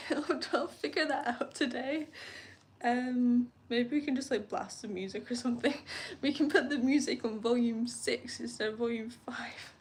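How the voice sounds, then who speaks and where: A young woman talking casually to her live-stream viewers, her voice often dropping into a gravelly fry at the ends of phrases. She chats in a relaxed, upbeat way, rambling a little. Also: a little high. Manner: chatty, upbeat, rambling with frequent laughs. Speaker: host of a live journaling stream.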